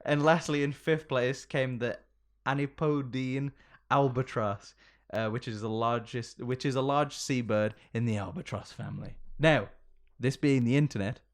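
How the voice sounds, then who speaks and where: A man's voice: mid-range voice, moderate pace, hardly any pauses. A man co-hosting a podcast in casual comedic chat, often laughing and reading out posts with mock emphasis. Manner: giggly, reads out tweets with mock emphasis. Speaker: podcast co-host.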